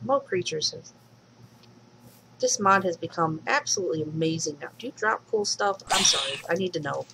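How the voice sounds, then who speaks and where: A woman's voice: on the low side, brisk, creaky, noisy background. Chatty woman narrating her gameplay. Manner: chatty, talks to the game animals, excitable squeals. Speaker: let's play host and mod maker. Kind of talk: casual gameplay commentary.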